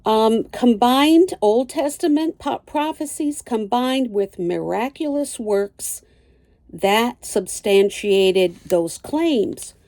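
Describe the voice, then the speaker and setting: An older woman teaching a Bible lesson, reading slowly and deliberately and citing chapter and verse. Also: on the high side, expressive, dark tone, dry recording.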